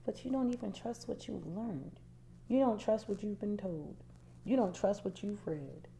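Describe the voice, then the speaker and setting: A woman life coach giving a preachy motivational talk, repeating her key phrases with force and then dropping to quiet, low asides. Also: unhurried, vocal fry, slight background noise.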